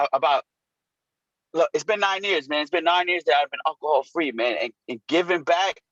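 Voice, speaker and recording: A man with a bright, slightly high voice speaks on a video call in casual slang, emotional and sincere. The dry, dull line takes the edge off his sound. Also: moderate pace, no echo. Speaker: caller.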